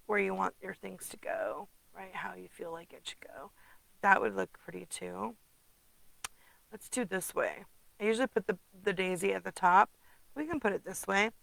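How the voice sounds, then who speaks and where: A woman's voice: mid-range voice, creaky, bright, forceful tone, dry recording, rough recording. A woman casually demonstrating card making at her desk, chatty, humming to herself and muttering asides. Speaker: craft demonstrator.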